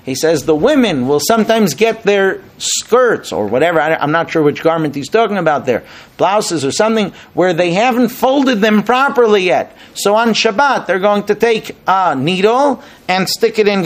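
A middle-aged rabbi gives an informal Torah lesson, speaking with animation and acting out the rabbis he quotes as his emphasis builds. His voice sits high.

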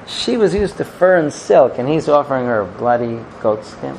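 A man giving a sermon, telling a parable in an animated storytelling manner. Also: mid-range voice, normal speed, a little hiss or hum, rough recording. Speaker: religious teacher.

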